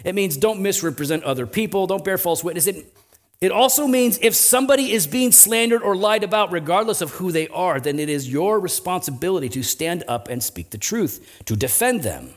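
A man's voice: sits high, animated, fairly quick. A male pastor preaching a conversational sermon, often tossing in "right?" asides and building to emphatic swells.

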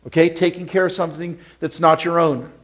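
A pastor preaching a sermon to his congregation, asking them questions and repeating key words for emphasis, moving between a hushed retelling and loud, forceful exhortation. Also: fairly high pitch, little pitch movement, fairly quick.

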